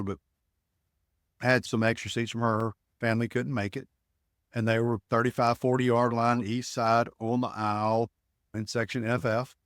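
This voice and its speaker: Middle-aged man telling animated stories. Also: medium pitch, dry recording, clean studio sound. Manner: animated storyteller, acts out dialogue, frequent restarts. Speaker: guest, ticket broker. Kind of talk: storytelling in a podcast interview.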